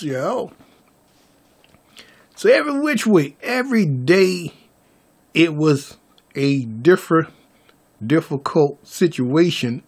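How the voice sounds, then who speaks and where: A man's voice: a little high, slightly rough. A man vlogging a story to his viewers, stammering through restarts and calling them y'all.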